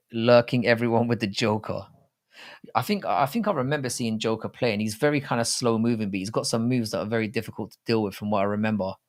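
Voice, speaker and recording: A young man hosting a live chat stream, talking loosely to viewers, swearing and calling them mate and bro. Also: fairly low pitch. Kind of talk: casual live chat reading viewer comments.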